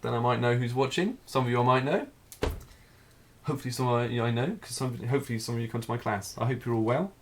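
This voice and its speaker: A man teaching a live figure drawing class, talking through each stroke as he draws, in a relaxed, thinking-aloud way. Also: medium pitch, quick pace, background noise.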